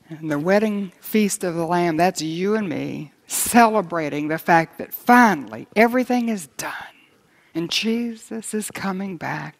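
Emphatic woman preacher in a reverberant hall. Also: on the low side. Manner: emphatic, slows down for stress, rises when reading scripture. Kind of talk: sermon.

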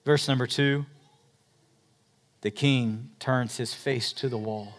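A middle-aged male pastor, preaching a sermon and moving between loud emphatic passages and quiet, slow ones. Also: medium pitch, steady tone.

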